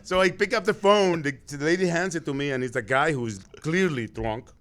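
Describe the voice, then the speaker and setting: A man's voice: on the high side, fairly quick, fairly bright tone. A man co-hosting a talk show, telling an anecdote in a chatty way, repeating words and restarting his sentences. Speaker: co-host. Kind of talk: casual podcast chat.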